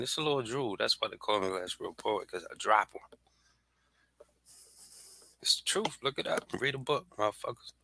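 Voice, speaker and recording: A man's voice: on the low side, creaky, sharp tone. A man hosting a podcast, delivering a heated, profane, fired-up rant aimed straight at his listeners. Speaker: podcast host. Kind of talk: heated ranting monologue.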